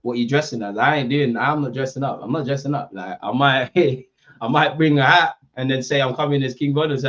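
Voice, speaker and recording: A young man chats to his stream audience in loose, slangy banter while reacting to a football match. His delivery is animated and conversational. The audio is slightly dull, like a home livestream setup. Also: mid-range voice, a little fast. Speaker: football watchalong host. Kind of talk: casual chat to live viewers.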